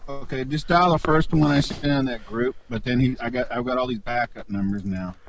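A man's voice: medium pitch, fairly quick, slight background noise. A man co-hosting a radio show, cracking crude jokes in a casual way. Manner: crude joking. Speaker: radio co-host. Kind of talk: casual on-air chat.

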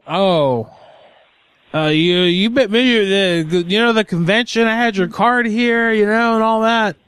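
A man's voice: high voice, measured pace, fairly bright tone, clear, resonant tone, no room sound. A man making crude, bossy prank phone calls as a radio show host.

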